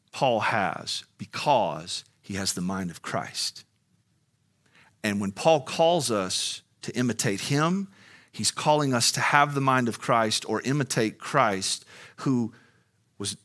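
Pastor guy preaching, bright voice, goes from chatty to fired up. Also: lowish voice. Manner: builds from conversational to fiery, soaring emphasis. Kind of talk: sermon.

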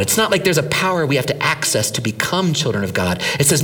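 Middle-aged pastor guy preaching, chatty and animated, kinda high voice, off-mic. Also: brisk, hardly any pauses, recorded from a distance. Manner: animated, conversational preaching with rhetorical questions. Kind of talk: sermon.

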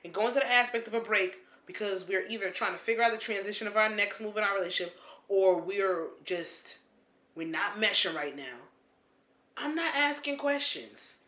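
Frank, sharp-toned woman podcaster, roomy sound. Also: mid-range voice, normal speed. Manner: frank, opinionated, swears, says she is tipsy. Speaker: podcast co-host. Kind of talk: casual podcast chat. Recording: roomy with faint background noise.

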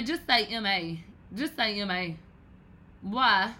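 A woman from Texas, hosting a podcast with animated, profane commentary and loud exclamations. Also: mid-range voice, takes it slowly. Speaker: podcast host. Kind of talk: casual commentary.

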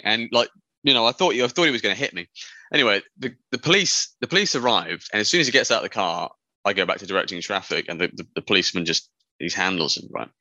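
A man's voice: medium pitch, pushed and bright, no echo. A man co-hosting a podcast, telling a long rambling story in casual, sweary chat and mimicking the people in it. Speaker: podcast co-host.

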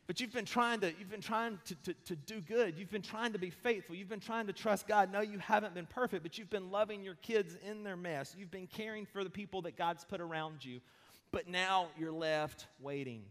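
Pastor in his thirties, conversational preacher, funny then slow and emphatic, fairly high-pitched man. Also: fairly bright tone. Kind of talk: sermon. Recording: long hall reverb.

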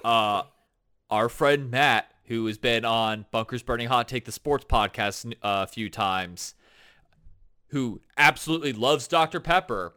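Bright-voiced excitable man podcasting. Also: medium pitch, unhurried, clear, resonant tone. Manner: excitable, animated, teasing. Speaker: podcast co-host. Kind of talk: casual chat.

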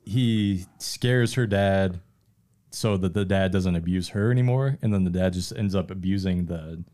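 A man co-hosting a casual podcast with a fairly low voice. He is laid back and retells stories in long, rambling runs. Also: measured pace, mellow. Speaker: podcast co-host. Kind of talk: casual chat.

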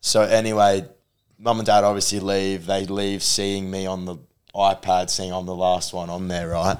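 A man's voice: low voice, little pitch movement, normal speed, clear, resonant tone. A young man telling a rambling story in a casual podcast chat, full of fillers and swearing. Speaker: podcast co-host.

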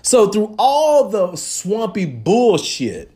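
High, lively-voiced man ranting. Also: slow pace. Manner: animated, profane, emphatic storytelling. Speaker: podcast host. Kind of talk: casual monologue.

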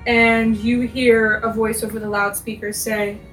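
A woman narrating a tabletop role-playing game as game master in a calm, steady way. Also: on the high side, unhurried. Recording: echoey, distant, music behind.

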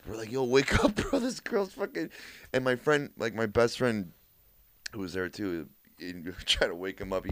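A young man tells a story to his friends on a podcast. His pitch swings a lot, and he laughs and swears through the telling with many filler words. The sound is dry and close. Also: fairly bright tone, no room sound. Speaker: podcast co-host. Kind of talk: casual storytelling among friends.

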